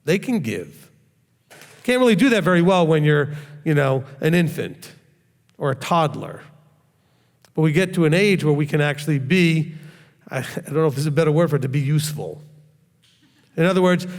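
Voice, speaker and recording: A man's voice: fairly high pitch, animated, normal speed, pauses often, long reverb tail. A man, a rabbi, teaching a sermon in a conversational way, often checking in with his listeners and adding light joking asides.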